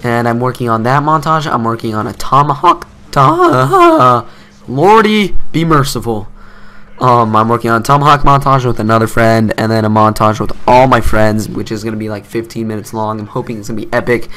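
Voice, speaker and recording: A man's voice: mid-range voice, steady tone, fast talker, few pauses, bright, forceful tone. A teenage boy doing casual gameplay commentary, telling a story in a rambling, self-mocking way. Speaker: gaming commentator.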